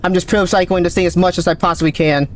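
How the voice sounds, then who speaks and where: Excitable high-voiced male game streamer. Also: a little hiss or hum. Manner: excited, calls out numbers rapidly. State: voice cracking, thirsty. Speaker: gaming streamer. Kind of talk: live gameplay commentary.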